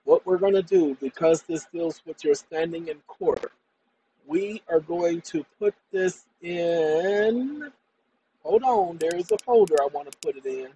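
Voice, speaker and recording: A tired man rambling through a casual computer tutorial, often addressing "ladies and gentlemen". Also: on the high side, unhurried, a little hiss or hum, rough recording. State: tired after a long day. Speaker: channel host. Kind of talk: casual screen-share tutorial and monologue.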